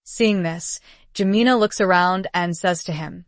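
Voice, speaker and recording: A woman's voice: lowish voice, unhurried, dry recording. Woman narrating a story recap, dry sound.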